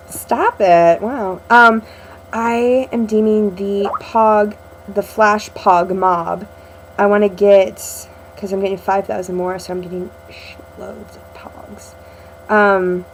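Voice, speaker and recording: A woman's voice: mid-range voice, slight background noise, rough recording. A young woman chatting in a casual video diary to a friend, rambling and sarcastic, with lots of ums, recorded at home. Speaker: vlogger.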